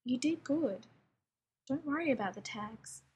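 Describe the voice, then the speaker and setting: A woman reading the lines of a gruff male helicopter pilot who gives orders roughly. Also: sits high, lively intonation, a little slow, darkish tone, full character voice. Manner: rough, commanding.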